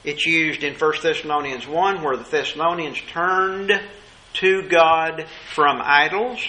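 A man preaching a sermon, asking rhetorical questions and slowing down to stress key words. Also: on the high side, bright, forceful tone, rough recording.

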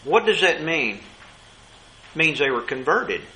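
A man preaching a sermon, asking rhetorical questions and slowing down to stress key words. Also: a little high, sing-song, pushed and bright, a little hiss or hum, low-quality recording.

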